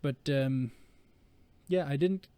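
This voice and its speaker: A man's voice: medium pitch, slow, mellow, clean tone, no echo. A man co-hosting a podcast in casual chat, joking, laughing often and rambling with fillers. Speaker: podcast co-host.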